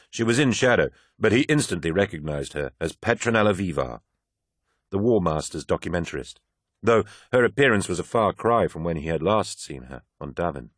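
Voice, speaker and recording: A man reads a novel aloud in a very low voice, measured and even. The recording is dry and close, with no room sound behind it. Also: dry recording. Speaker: audiobook narrator. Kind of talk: scripted audiobook narration.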